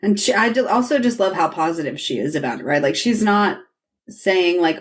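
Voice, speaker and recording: A woman's voice: on the low side, lively intonation, brisk. A woman hosting a podcast, recapping a TV episode in casual chat and acting out the characters' lines as she retells scenes. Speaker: podcast host.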